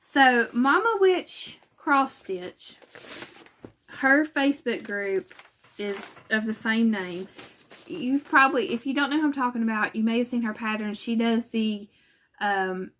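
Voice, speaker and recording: A woman's voice: a little high, unhurried, fairly bright tone, a little hiss or hum. A woman from West Virginia hosting a cross-stitch channel in casual chat from home, talking in a chatty, self-conscious way with fillers and laughs.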